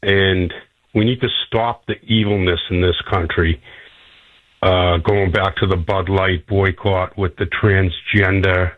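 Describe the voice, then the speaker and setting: A man calling into a radio show, speaking earnestly and emphatically with some halting fillers. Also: sits low, fairly even intonation. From North Shore area. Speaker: caller. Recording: tinny phone line.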